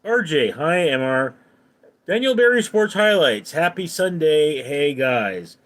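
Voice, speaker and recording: A man's voice: fairly high pitch, big pitch swings, slow, a bit bright. A man hosting a casual live stream, reading viewer comments aloud and answering them offhandedly. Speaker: livestream host.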